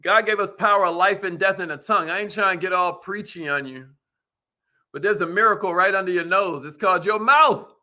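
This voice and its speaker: A man with a high, very bright and forceful voice gives an energetic motivational business talk. He talks in casual slang and keeps asking his listeners whether they follow him. His delivery leans preachy and punchy. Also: a little fast. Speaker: host.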